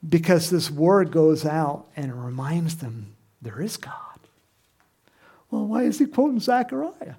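A man with a slightly high voice and a gravelly edge delivers an animated sermon. He talks through scripture plainly and now and then bursts into the crowd's shouts. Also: unhurried. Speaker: pastor.

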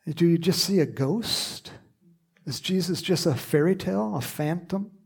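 A man preaching a sermon in an animated, conversational way, with asides and laughs. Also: a little high, unhurried, vocal fry, husky.

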